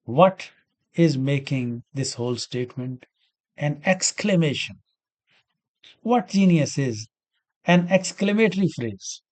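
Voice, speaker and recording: This grammar lecturer's voice is fairly high and a little mellow, with lively intonation, a slow pace, and long pauses. He walks through example sentences step by step, repeating key words and answering questions he puts to himself.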